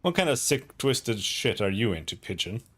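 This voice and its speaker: A man's voice: on the low side, moderate pace. A man livestreaming a story game, reading the dialogue aloud and riffing loosely. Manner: animated, reads dialogue aloud and riffs loosely. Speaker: streamer playing a story game.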